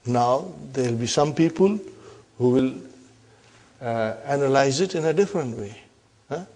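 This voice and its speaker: A man teaching an Arabic grammar class, slowly reading example sentences, repeating key terms and often checking that the class follows. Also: medium pitch, animated, darkish tone. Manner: checks understanding with frequent questions.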